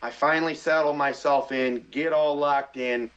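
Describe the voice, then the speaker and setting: Excitable man telling a story. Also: on the high side, normal speed, clear, resonant tone, lo-fi sound. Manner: animated, excitable, acts out his own inner voice. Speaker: podcast guest, hunter. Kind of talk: casual storytelling.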